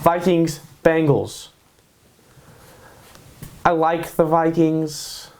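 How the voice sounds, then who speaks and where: A man's voice: a little high, flat delivery, drawn-out words. A man hosting his own show, giving casual sports predictions in a hyped way, repeating his picks and tacking "baby" onto them. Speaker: host. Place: home in Kansas.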